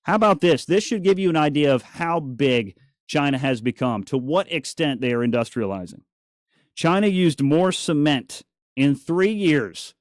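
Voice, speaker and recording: Guy hosting talk radio, kinda high voice, super dry close mic, jokey and opinionated. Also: no room sound. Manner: chatty, opinionated, jokey asides. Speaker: radio talk show host. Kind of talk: casual talk radio monologue. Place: radio studio.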